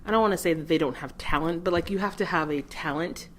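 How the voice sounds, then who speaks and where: A woman's voice: fairly low pitch, quick pace, fairly bright tone, a little hiss or hum. A woman co-hosting a podcast, chatting casually about the news with a wry, joking delivery. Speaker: podcast co-host.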